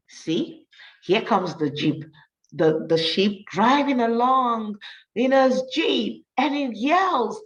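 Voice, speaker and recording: A woman reading a picture book aloud to young children as a teacher, slowly and encouragingly, stopping to practise rhyming words. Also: mid-range voice, expressive, distant mic, dull audio. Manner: slow, sing-song and encouraging, praises often. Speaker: storyteller and teacher.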